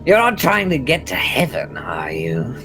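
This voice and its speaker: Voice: mid-range voice, huge pitch swings, a little slow, over music. A game master voicing Baba Yaga, a gigantic rotting old witch who teases and cackles slyly. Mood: mocking. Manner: cackles, teasing and sly.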